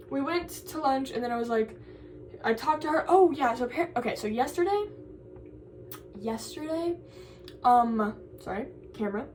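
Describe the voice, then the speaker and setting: A woman's voice: high-pitched, brisk, darkish tone, far from the mic, slight background noise. A young woman, a college student, chatting casually in a vlog and rambling through a story with lots of "like.". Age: young adult.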